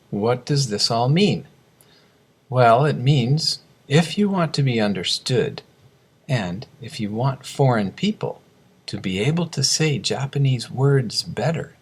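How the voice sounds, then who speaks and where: A man teaching English pronunciation, reading slow word drills and explaining sounds. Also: mid-range voice, husky. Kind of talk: scripted lesson narration.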